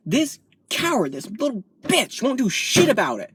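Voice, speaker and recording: A woman's voice: fairly high pitch, very animated, normal speed, few pauses, fairly bright tone, a little hiss or hum. A woman vlogger delivering a heated, profane political rant, from the United States.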